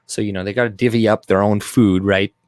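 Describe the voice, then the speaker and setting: A man's voice: lowish voice, fairly even intonation, brisk, a little mellow, no echo. A man hosting a live stream, rambling loosely through chat messages with crude, off-color jokes. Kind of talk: casual live-stream commentary.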